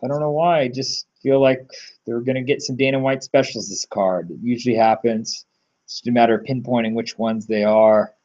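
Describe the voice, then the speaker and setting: A man's voice: mid-range voice, steady tone, brisk, darkish tone. Rambling, blunt man on a dull lo-fi recording. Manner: rambling, filler-heavy, blunt with casual swearing. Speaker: MMA betting tipster. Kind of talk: casual solo commentary.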